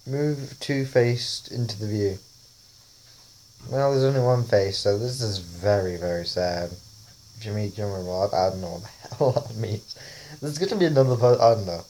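A man's voice: fairly low pitch, moderate pace, warm tone, slight background noise. A man casually talking over a face-swap app, rambling and often laughing. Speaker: vlogger.

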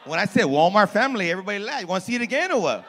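A man's voice: sits high, sing-song, very fast, fairly bright tone, a little hiss or hum. A man doing brash, profane crowd work as a stand-up comedian in a comedy club. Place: comedy club before a laughing audience.

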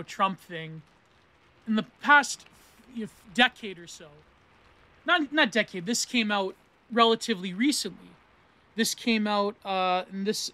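A man's voice: high-pitched, bright, forceful tone. A man of thirty hosting a podcast book review, talking in a rambling, self-correcting way that mixes academic terms with meme slang. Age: 30s. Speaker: podcast host reviewing philosophy books. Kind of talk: casual spoken book review.

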